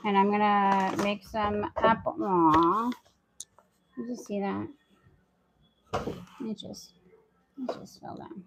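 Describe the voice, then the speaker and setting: A woman's voice: medium pitch, takes it slowly, long pauses, muffled recording, a little hiss or hum. A woman vlogger chatting casually to viewers at home, talking aloud to herself and her audience as she sorts her harvest and does chores. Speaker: homestead lifestyle vlogger. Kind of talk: casual chat to camera while doing chores. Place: at home, indoors.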